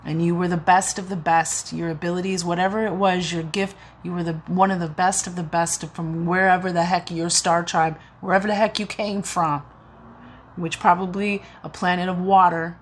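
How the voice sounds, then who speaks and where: A woman's voice: on the low side, little pitch movement, normal speed, slight background noise. A woman giving a spiritual oracle reading in an earnest, rambling way, often restarting and getting emotional. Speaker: tarot reader.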